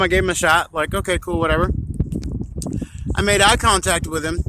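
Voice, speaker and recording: A man vlogging a casual rant outdoors while on the way somewhere, blunt and profane, chewing gum as he talks. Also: a little high. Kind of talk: casual ranting monologue. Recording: outdoor noise clearly behind.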